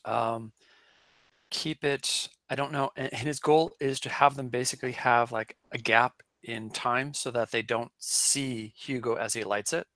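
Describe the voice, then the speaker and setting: A man's voice: medium pitch, steady tone, measured pace, a bit bright, dry recording. Player, male, medium voice, dry close sound, thinking aloud. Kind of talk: casual game talk.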